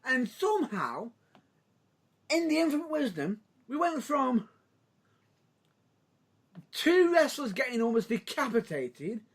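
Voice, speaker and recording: A man's voice: extremely high pitch, very animated, slow pace, creaky, pauses often. A man co-hosting a casual wrestling podcast chat, rambling and laughing, restarting his sentences. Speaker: podcast co-host.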